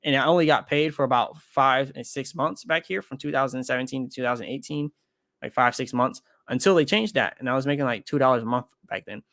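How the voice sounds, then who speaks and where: A man's voice: medium pitch, a little fast, a bit bright, dry recording. Casual rambling man, dry close sound. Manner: rambling, self-correcting, thinks aloud while trading. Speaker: crypto trading streamer. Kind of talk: casual livestream chat.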